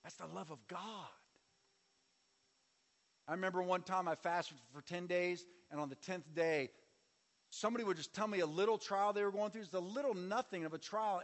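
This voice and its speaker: Pastor guy w a high voice preaching, lots of call and response, big echoey church. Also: normal speed. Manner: preaching with audience call-and-response and sweeping shifts in volume. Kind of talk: sermon. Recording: long reverb of a large hall.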